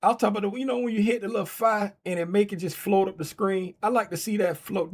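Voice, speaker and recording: A man hosting a casual trading livestream, talking loosely and playfully straight to his chat, getting loud and excited as he calls a giveaway race. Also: sits high, fast talker, hardly any pauses.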